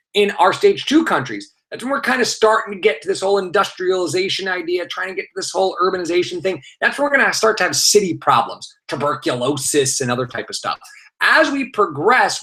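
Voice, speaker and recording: Animated male teacher, bright and slightly high voice, energetic live review. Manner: energetic, animated delivery with fillers and playful asides. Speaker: teacher leading an exam review. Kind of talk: live online review session.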